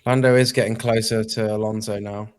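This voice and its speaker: A man co-hosts a live stream, chatting casually about a race and greeting viewers in an easygoing way. His voice is on the low side, smooth and a little mellow, fairly quick, with little pitch movement.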